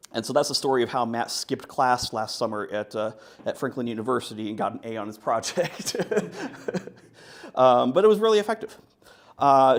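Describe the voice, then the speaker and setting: A man giving a conference talk, joking and animated as he presents. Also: medium pitch. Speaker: conference speaker.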